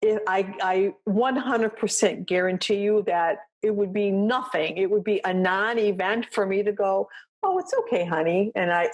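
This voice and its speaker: A woman hosting a dog training podcast, talking through a coaching session in a loose, conversational way. She checks in with "right?" and "you know what I mean?" and acts out short exchanges with her dog. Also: medium pitch. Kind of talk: coaching talk, casual explanation.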